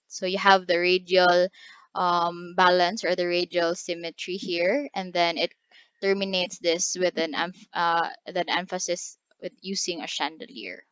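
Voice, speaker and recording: A woman lecturing on design with a fairly low, smooth voice, pausing often on fillers and restarting her phrases. The sound is dry and dull, like a lo-fi recording close to the mic. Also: fairly bright tone, no echo. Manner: halting, many fillers and restarts. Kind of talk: design lecture over slides.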